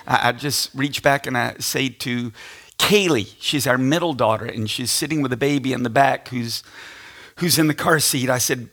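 A middle-aged male pastor telling a self-deprecating story from the pulpit, animated and laughing at himself. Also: mid-range voice, normal speed, vocal fry. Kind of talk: storytelling sermon.

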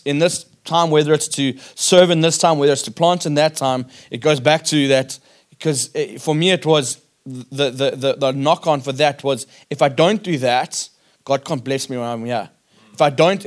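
Man, panel speaker at church conference, earnest, storytelling, restarts sentences. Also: a little high. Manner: earnest, storytelling, repeats words while thinking.

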